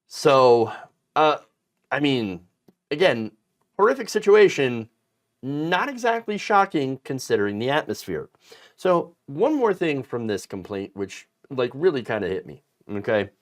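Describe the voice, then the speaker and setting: A man gives political commentary with an indignant, emphatic edge, speaking at a measured pace. His pitch swings widely as he stresses words, and he stumbles over fillers and restarts.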